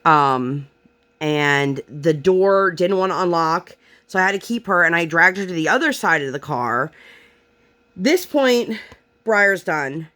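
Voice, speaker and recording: Woman, young adult, Pennsylvania accent, fairly low pitch, casual vlog chat, frustrated retelling, fillers. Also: expressive, a little slow, bright, forceful tone. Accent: Pennsylvania American. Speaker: vlogger and mother. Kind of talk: casual storytelling chat while crafting. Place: home craft table.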